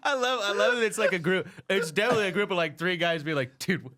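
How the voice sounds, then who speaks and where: A man guest on a comedy podcast, throwing in quick jokes and reactions while laughing. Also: high voice, heavy background noise. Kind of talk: casual comedy podcast banter.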